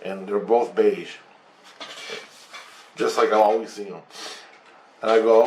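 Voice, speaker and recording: A man telling a rambling, profane story in a casual, animated way, acting out what was said. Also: on the low side, a little slow, long pauses. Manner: rambling, profane, animated retelling with acted-out quotes. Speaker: channel host. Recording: echoey room with faint noise.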